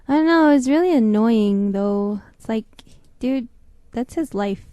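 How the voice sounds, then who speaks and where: A woman's voice: on the high side, lively intonation, unhurried, dark tone, no echo. A woman co-hosting a casual call-in talk show, rambling with frequent restarts and hesitations. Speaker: co-host. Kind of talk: casual chat.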